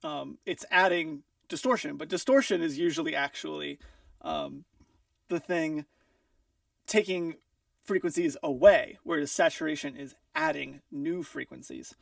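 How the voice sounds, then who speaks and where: Gravelly man explaining mixing, off-mic. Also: on the high side, animated, measured pace, no room sound. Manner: thinks aloud with many ums and restarts. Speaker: mixing engineer teaching. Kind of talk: casual technical explanation. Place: music studio. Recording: dry, a bit far from the mic.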